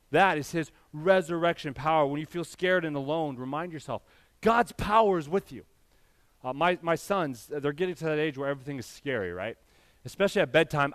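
A man's voice: fairly high pitch, a little fast, no room sound, clean studio sound. A man in his thirties preaching a sermon as pastor, speaking earnestly and building to emphatic passages as he addresses the church directly.

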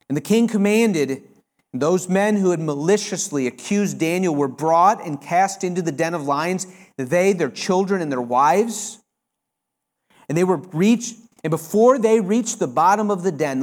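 A male preacher delivering a sermon, reading a scripture passage with expressive, emphatic delivery. He often stops to explain the text in his own words. His voice sits a little higher than most men's. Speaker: pastor.

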